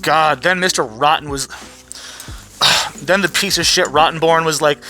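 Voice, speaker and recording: A man's voice: on the high side, a little fast, bright, forceful tone, soft background music. A man vlogging a profane, rambling commentary rant with frequent restarts. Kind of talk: ranting commentary vlog.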